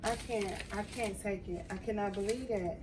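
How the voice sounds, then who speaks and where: Heavy background noise surrounds a young adult crafting vlogger as she chats casually with viewers, addressing them as "y'all" and showing her emotions while working on a craft project. Her voice is mid-range at a moderate pace.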